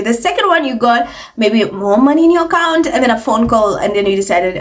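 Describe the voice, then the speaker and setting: Woman, commentary vlogger, sarcastic and mocking, fairly high voice, lively delivery. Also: fairly quick. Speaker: commentary channel host. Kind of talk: opinionated commentary vlog.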